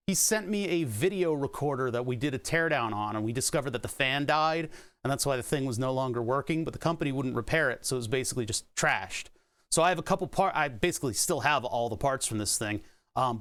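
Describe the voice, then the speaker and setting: Man, livestream chat, home workshop, desk mic, rambling, self-mocking jokes, slightly high voice. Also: fairly bright tone. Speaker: streamer. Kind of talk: casual livestream chat while working on electronics.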